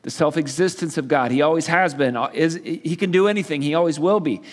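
A man's voice: fairly high pitch, a little fast. Man preaching in a reverberant hall. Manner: casual storytelling with playful asides. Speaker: pastor. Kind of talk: sermon, conversational Bible teaching.

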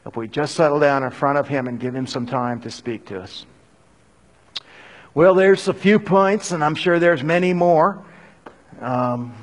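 An older man preaching a sermon to a live congregation in a conversational way, rising into urgent bursts. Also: medium pitch. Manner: conversational, animated bursts when urging. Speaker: pastor. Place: church hall before a live audience.

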